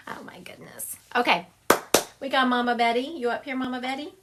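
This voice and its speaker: A woman's voice: on the high side, moderate pace, long pauses, a bit bright, a little hiss or hum. A woman psychic medium doing a livestream reading over a phone, chatty, laughing often and acting out what spirits say.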